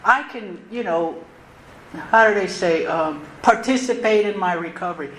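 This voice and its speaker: A woman's voice: mid-range voice, moderate pace. A woman giving a personal recovery talk as closing speaker at a convention, earnest and reflective, often repeating phrases and restarting her sentences. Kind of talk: personal recovery share, spoken from the podium. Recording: roomy live talk recording with faint noise.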